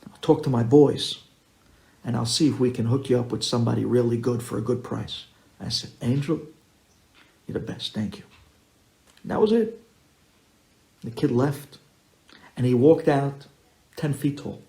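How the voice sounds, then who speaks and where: A rabbi telling a story to an audience, acting out the dialogue in a lively way. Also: male voice, medium pitch, normal speed, gravelly, pauses often. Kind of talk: storytelling talk.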